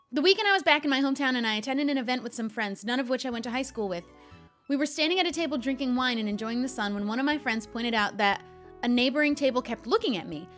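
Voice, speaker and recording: A woman's voice: on the high side, fairly bright tone. A young adult woman streamer reading stories aloud and chatting with laughing asides.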